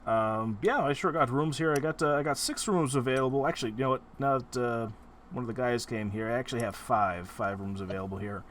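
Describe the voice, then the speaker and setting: A man's voice: medium pitch, brisk, fairly bright tone, a little hiss or hum, natural voice. A man voicing a chatty male innkeeper who rambles with many fillers. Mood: rambling.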